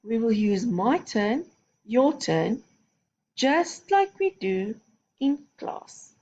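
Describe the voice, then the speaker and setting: A woman's voice: a little high, sing-song, drawn-out words, darkish tone, muffled recording. A woman teaching a recorded phonics lesson to young children, giving patient, step-by-step instructions. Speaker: primary school teacher.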